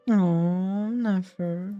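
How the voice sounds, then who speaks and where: A woman's voice: fairly low pitch, dull audio. A woman in her twenties casually and emotionally reacting to a game as a streamer, chatty and stumbling over names.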